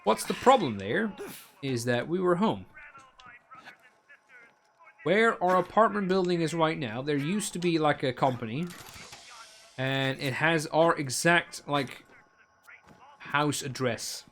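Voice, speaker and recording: A man's voice: on the high side, animated, takes it slowly, long pauses, fairly bright tone, a little hiss or hum. A man streaming a game, rambling through a story in casual chat with lots of fillers and acted-out quotes. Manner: rambling anecdote with many fillers and voiced quotes. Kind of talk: casual chat while gaming.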